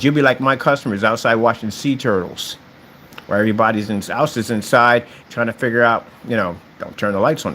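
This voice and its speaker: Hyped-up guy bragging about his business to camera, talks all over the place pitch-wise, slight background hiss. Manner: boastful, animated, trash-talking competitors. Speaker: screen paint company owner. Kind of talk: casual promotional rant to camera.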